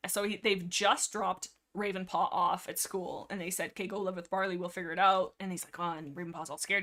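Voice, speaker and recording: This young woman speaks in a lowish, sharp, steady voice, talking fairly quickly with barely any pauses. Hosting a livestream, she gushes casually about a beloved book series, giggling and acting out lines with exaggerated drama.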